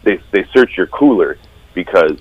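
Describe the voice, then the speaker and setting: Man, low voice, dry sarcastic storyteller, casual co-host banter. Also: lively intonation, moderate pace, no echo, lo-fi sound. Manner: sardonic storyteller. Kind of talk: casual chat.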